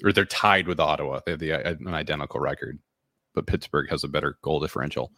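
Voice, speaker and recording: A man co-hosting a sports podcast, talking in a loose, animated, rambling way. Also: very deep voice, fast talker, no room sound, clean studio sound. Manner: animated and rambling, many fillers. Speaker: podcast co-host. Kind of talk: casual sports chat.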